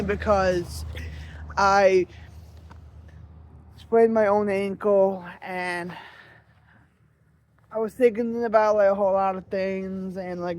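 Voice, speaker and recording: A man talking in a personal reflective vlog, halting and earnest, searching for his words. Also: high voice, a little hiss or hum. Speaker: vlogger.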